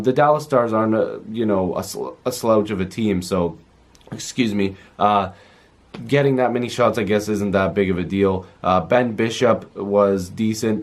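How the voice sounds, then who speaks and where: A man recapping a hockey game in a chatty, rambling way with many fillers. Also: fairly low pitch. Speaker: hockey fan video host.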